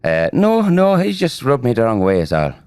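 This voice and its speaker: A man's voice: medium pitch, huge pitch swings, a little mellow, clear, resonant tone, dry recording, voice pushed up. A man putting on a cheeky Irish marine. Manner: quick, cheeky, lots of fillers. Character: brash Irish male marine, cocky and scrappy. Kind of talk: in-character tabletop play.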